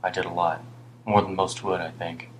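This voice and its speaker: This older homeless British man, performed by a male audiobook narrator, rambles ruefully in a deep, low voice, muttering now and then and heaping blame on himself. His tone is level and the pace moderate, close to an everyday voice, with a faint hum lingering.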